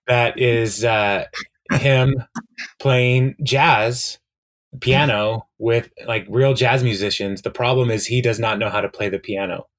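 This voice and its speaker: A man chatting on a podcast, recapping a TV episode with plenty of ums and uhs. He retells scenes and quotes the characters as he goes. His voice sits at an ordinary middle pitch. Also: fairly even intonation, slow pace, fairly bright tone. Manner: rambling, many fillers, retells scenes with quoted lines. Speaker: podcast co-host. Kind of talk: casual chat recapping a TV episode.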